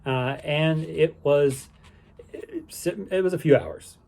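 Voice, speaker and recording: A man's voice: on the high side, very slow, creaky, darkish tone. Rambling man recapping his day. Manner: rambling, with many fillers and restarts; easygoing and upbeat. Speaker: vlogger on a canal boating holiday. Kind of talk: casual spoken recap.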